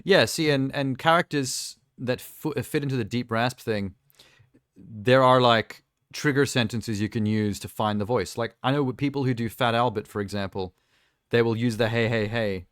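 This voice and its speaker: A man's voice: medium pitch, normal speed, dry recording, clean studio sound. A man streaming live, chatting casually in a rambling, ranting way and laughing at himself. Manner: rambling, ranting, self-amused.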